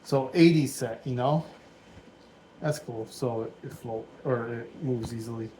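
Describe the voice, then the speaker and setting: A man's voice: mid-range voice, measured pace, noisy background. A man in his forties giving casual, rambling commentary while he builds a Lego set at home, thinking aloud as he goes. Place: dim room at home.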